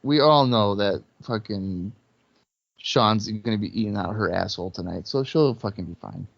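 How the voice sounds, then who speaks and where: A man's voice: on the low side, moderate pace, gravelly, no echo. A man co-hosting a podcast, giving crude, joking play-by-play while watching a match. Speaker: podcast co-host. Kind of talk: casual watch-along commentary. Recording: dull lo-fi podcast audio.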